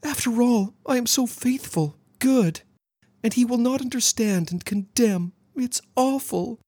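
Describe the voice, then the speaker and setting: A woman's voice: sits low, sing-song, normal speed, a little mellow, slightly rough, dry recording, pitched above the performer's own voice, heavily acted. A reader voicing an anxious young woman who frets and whimpers in exaggerated fear. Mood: fearful.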